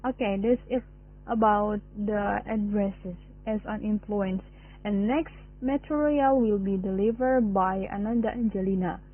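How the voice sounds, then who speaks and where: A woman's voice: mid-range voice, measured pace. A young woman with an Indonesian accent, reading a class presentation aloud in a careful way. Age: young adult. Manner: careful, read-aloud delivery. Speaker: student presenter. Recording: phone-like narrow sound.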